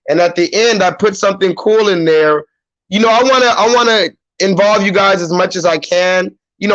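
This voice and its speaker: A man's voice: high voice, fairly bright tone, highs cut off. A man hosting his own livestream, talking loosely and with swearing straight to his viewers. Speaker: YouTube livestream host. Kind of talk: casual livestream chat.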